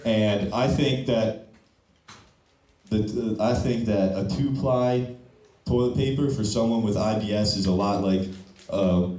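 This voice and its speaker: A man's voice: on the low side, slow, long pauses, warm tone. Young male comic in an echoey club. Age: young adult. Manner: loose, punchy delivery, tags "okay?" to lines. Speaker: stand-up comedian. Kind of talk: open-mic stand-up. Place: comedy club stage. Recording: echoey room, mic from a distance.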